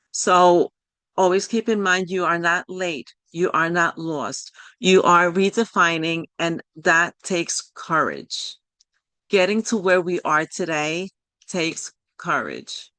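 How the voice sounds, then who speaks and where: A woman's voice: lowish voice, lively intonation, slow, a bit bright, no room sound. A woman with a non-native English accent leading an online coaching workshop, encouraging and rambling with many fillers and apologies, speaking over a video call. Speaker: life coach leading a group session.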